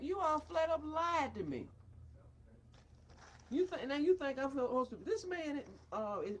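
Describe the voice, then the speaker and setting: A woman's voice: sits high, a little hiss or hum. A woman ranting angrily at a doctor about her child in a confrontational, preachy, scolding way. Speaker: parent. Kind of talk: angry rant addressed to a doctor.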